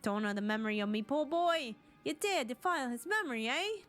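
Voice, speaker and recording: A woman voicing a frantic, grieving old mother, wailing and melodramatic with a rough put-on accent. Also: high voice, expressive, brisk, a bit bright.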